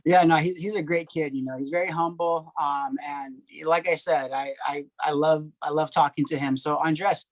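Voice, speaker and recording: A man's voice: fairly high pitch, steady tone, moderate pace, hardly any pauses, no room sound. A man hosting a podcast, asking loose questions with many fillers in casual chat. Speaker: podcast host.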